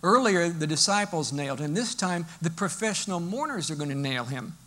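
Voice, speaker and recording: A male pastor preaching a sermon in a lively, storytelling way, explaining as he goes. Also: a little high, a little fast.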